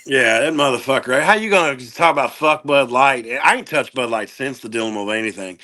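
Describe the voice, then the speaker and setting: A man guesting on a podcast, telling profane, animated stories and doing quick impressions of people in casual chat. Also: mid-range voice. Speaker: guest comedian.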